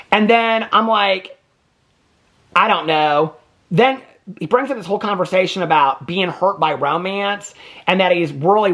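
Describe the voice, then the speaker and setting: A man's voice: high-pitched, fairly bright tone. Male reaction vlogger, casual, rambling, sassy and profane. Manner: chatty, rambling, sassy, swears freely.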